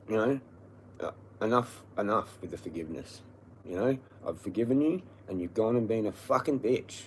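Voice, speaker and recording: An Australian man ranting profanely on a livestream, his voice hoarse from yelling. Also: lowish voice, expressive, normal speed, a little hiss or hum. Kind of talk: livestream rant.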